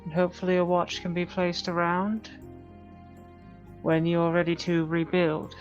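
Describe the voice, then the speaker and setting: Flat, low-voiced woman in role-play. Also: highs cut off, faint music behind. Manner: measured, formal advice.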